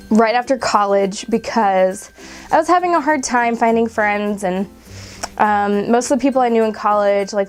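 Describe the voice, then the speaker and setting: A woman in her twenties talking casually to camera, emotional and close to tears, with laughs between her words. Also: mid-range voice. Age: 20s. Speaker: vlogger.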